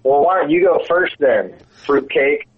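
A man with a husky, slightly high voice, trading curious, teasing questions in casual podcast chat. His voice comes through thin and tinny, like a phone line. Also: lively intonation, unhurried. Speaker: podcast co-host.

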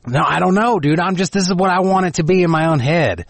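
A man's voice: high voice, fast, creaky, dry recording. A man from Texas with a southern drawl, chatting on a podcast in a laid-back, profane and opinionated way. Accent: Texan southern drawl. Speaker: podcast co-host. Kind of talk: casual podcast banter.

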